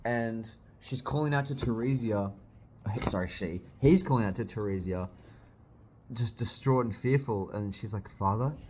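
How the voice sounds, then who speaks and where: A young man reading a manga aloud and reacting, excitable, swearing often and bursting into loud exclamations. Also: lowish voice, moderate pace, slight background noise. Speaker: manga reviewer.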